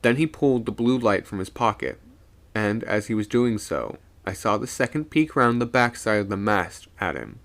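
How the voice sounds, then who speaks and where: A man reading a spooky sea story aloud on a live stream, animated, with small stumbles and self-corrections. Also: on the low side, moderate pace.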